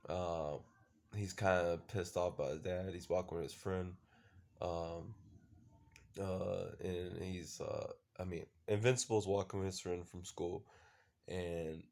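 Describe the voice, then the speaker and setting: A man's voice: deep voice, little pitch movement, unhurried, darkish tone. A man casually recapping a show episode, rambling with lots of fillers and the odd swear word. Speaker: show reviewer.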